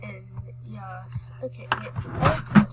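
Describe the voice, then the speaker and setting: A woman giving chatty, excitable commentary while playing a horse game, rambling and restarting her sentences. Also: mid-range voice, slow pace, in a whisper, poor audio. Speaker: gaming vlogger.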